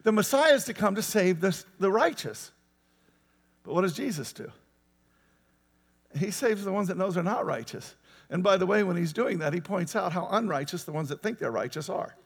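A man with a high voice preaches a sermon in a loose, conversational way. He keeps putting questions to his listeners and waits for their answers. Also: lively intonation, normal speed, slightly rough, long reverb tail. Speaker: pastor.

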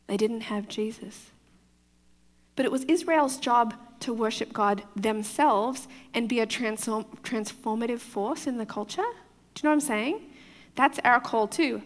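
Woman pastor, foreign accent, bright-ish voice, chatty sermon in an echoey hall. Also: on the high side. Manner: chatty, often checks in with the crowd, laughs easily. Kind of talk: conversational sermon.

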